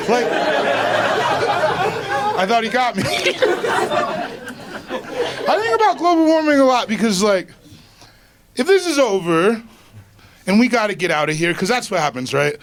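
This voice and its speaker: Male stand-up, high voice that swings all over, animated, live show with a loudly laughing crowd. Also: heavy background noise. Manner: animated, laughs through his lines. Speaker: stand-up comedian. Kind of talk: stand-up routine.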